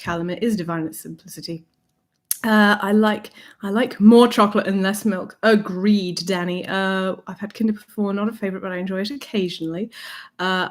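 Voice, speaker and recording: Chatty young woman on a livestream. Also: mid-range voice. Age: young adult. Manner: chatty and playful, laughing, reading out viewer comments; drops to a soft whisper at times. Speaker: livestream host. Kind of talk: casual livestream chat. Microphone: desk mic.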